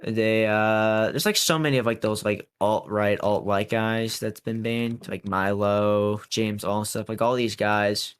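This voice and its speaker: A man's voice: fairly low pitch, fairly even intonation, unhurried, hardly any pauses, smooth. A young man on a podcast, talking in a rambling, casual way with lots of filler words and swearing. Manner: rambling, filler-heavy and profane. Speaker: podcast co-host.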